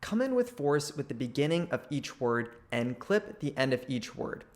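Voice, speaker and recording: A channel host giving an instructional talk, speaking deliberately with crisply clipped word endings. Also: medium pitch, big pitch swings.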